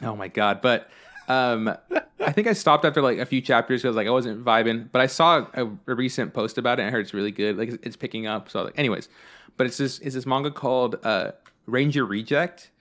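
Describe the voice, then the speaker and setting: A man in a middle-pitched voice talks loosely on a podcast, meandering through stories with lots of "like" and "um". He swears freely and keeps things offhand and chatty. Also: fairly quick, a bit bright. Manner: rambling storyteller, swears freely, many fillers. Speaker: podcast host. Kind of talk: casual chat.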